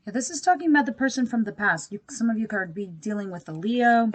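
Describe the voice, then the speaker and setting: A woman's voice: a little high, expressive, quick pace, few pauses, slight background noise. A woman giving a casual tarot reading to her viewers, talking bluntly and chattily with frequent asides. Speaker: tarot reader.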